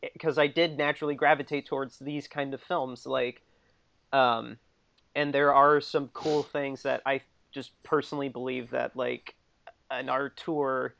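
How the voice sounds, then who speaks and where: A man's voice: mid-range voice, little pitch movement, unhurried, creaky, fairly bright tone, no room sound. A man in his thirties co-hosting a podcast in casual chat, rambling with lots of fillers and laughing often. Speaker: podcast co-host. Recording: dull lo-fi dry recording.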